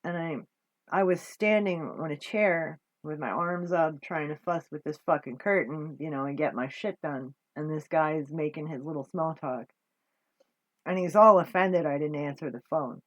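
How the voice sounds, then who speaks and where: A woman's voice: deep voice, normal speed, no echo, lo-fi sound. A woman telling a story about her flea market booth in a casual monologue, swearing often and rambling with restarts as her exasperation builds.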